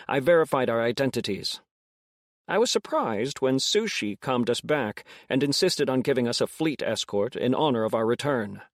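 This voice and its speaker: A man narrating an audiobook in the first person, reading in a steady, measured way. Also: mid-range voice, no echo, studio quality.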